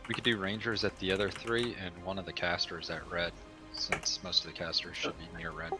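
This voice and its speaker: Low-voiced male raider, practical and matter-of-fact, music and keyboard audible. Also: a little fast. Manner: practical, offers suggestions. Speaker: raid member. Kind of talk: voice chat while gaming.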